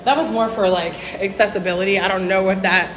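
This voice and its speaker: A woman's voice: medium pitch, steady tone, fairly quick, a bit bright. A woman hosting a casual travel livestream from her phone, chatting to viewers as she walks and swearing casually. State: out of breath. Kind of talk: casual livestream chat while walking.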